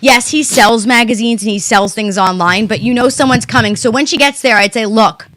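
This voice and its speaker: A woman's voice: fairly high pitch, a little fast, a bit bright, no echo. A woman co-hosting a podcast in casual chat, speaking emphatically with strong opinions and frequent swearing. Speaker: podcast co-host.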